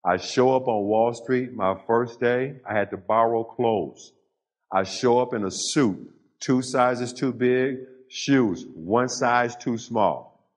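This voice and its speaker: An older man speaking to a live audience and telling his story. He talks in a mid-range voice, pausing for effect and building to emphatic peaks. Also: medium pitch. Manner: storytelling with dramatic pauses and rising emphasis. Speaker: motivational speaker.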